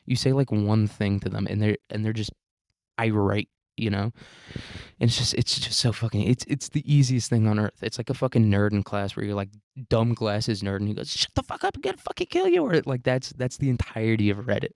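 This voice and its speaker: A man with a fairly low voice, recorded dry and close with no room sound. He talks as the host of a solo podcast, rambling and swearing freely. He mocks himself and breaks into laughter often. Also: fairly even intonation, brisk, darkish tone, dry recording. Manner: rambling, profane, self-mocking, laughs often. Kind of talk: casual solo podcast monologue.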